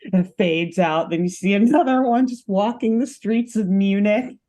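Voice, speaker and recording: A woman's voice: medium pitch, moderate pace, warm tone. A woman co-hosting a podcast, riffing on jokes with her partner and laughing often. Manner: giggly, riffs on jokes, frequent laughs. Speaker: podcast co-host. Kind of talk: casual chat.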